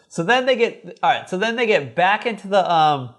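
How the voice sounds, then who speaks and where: A man co-hosting a podcast, talking through a recap in a loose, rambling way with frequent swearing. His voice sits a little high for a man and swings widely in pitch. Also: very animated, normal speed, a bit bright. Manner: rambling, profane, acts out characters in high voices. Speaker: podcast co-host. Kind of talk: casual recap chat.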